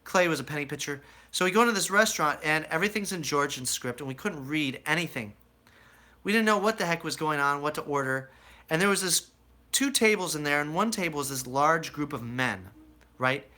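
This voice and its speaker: A young man from the United States tells a rambling story about his life to a live chat, acting out the voices of people he quotes. His voice is fairly high and his delivery brisk and animated.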